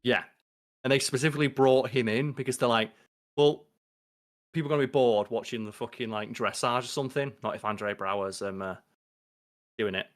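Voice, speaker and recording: Podcast co-host, lively, profane, acts out quotes in character voices. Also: male voice, mid-range voice, brisk. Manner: animated, swears freely, acts out quoted lines. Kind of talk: casual podcast chat.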